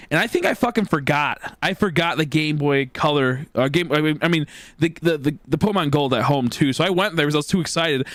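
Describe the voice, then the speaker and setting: Twenties male streamer, loose rambling storyteller who swears freely, voice sitting a bit high, dry close sound. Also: dry recording. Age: 20s. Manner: rambling, heavy on fillers and swearing. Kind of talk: casual storytelling.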